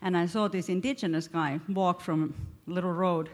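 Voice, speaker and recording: A woman's voice: lowish voice, fairly even intonation, moderate pace, darkish tone, big-room sound. Woman, 50s, from Finland, lighthearted missionary storyteller. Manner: lighthearted, laughing through a funny story. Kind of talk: storytelling to a church.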